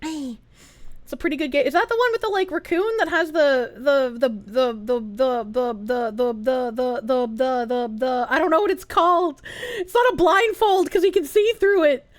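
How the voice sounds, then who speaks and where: A woman's voice: high-pitched, normal speed, no echo. A woman streamer chatting casually on a live stream, reading out viewer messages. She is giggly and loose, swears freely and laughs often.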